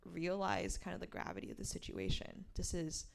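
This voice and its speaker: A woman author reading from her graphic memoir and explaining its pages, a lively storyteller who acts out the quoted lines. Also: fairly low pitch, moderate pace, gravelly. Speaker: author at a bookstore event.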